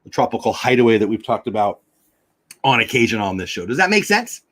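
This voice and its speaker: A man's voice: medium pitch, sing-song, brisk, a bit bright. A man hosting a casual livestream, chatting with viewers and reading aloud with stumbles and rambling asides. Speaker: livestream host.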